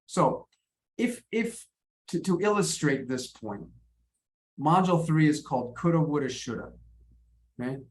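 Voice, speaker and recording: An American man teaching English in an online lesson, explaining in a halting way and often repeating words. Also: on the high side, expressive.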